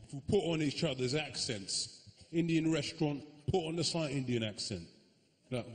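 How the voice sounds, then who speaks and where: A man's voice: a little high, expressive, normal speed. A man performing a stand-up comedy routine live on stage, crude and cheeky, who often slips into mock accents. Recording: echoey comedy venue with audience noise.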